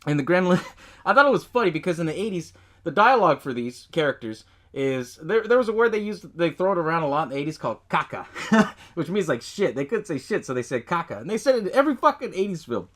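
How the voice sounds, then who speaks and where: A man's voice: a little high, sing-song, quick pace, fairly bright tone. A man hosting a podcast, recapping a movie in a loose, profane way and laughing often as he tells it. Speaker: podcast host.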